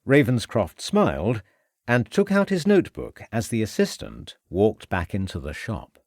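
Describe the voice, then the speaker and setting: A man narrating an audiobook mystery in a measured, expressive storytelling style. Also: fairly low pitch, dry recording, studio quality. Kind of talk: scripted narration.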